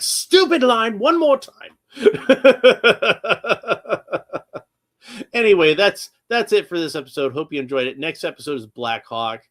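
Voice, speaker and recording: A man's voice: medium pitch, very animated, measured pace, fairly bright tone. A man hosting a casual toy-collecting live stream, chatty and rambling, with many restarts and tangents.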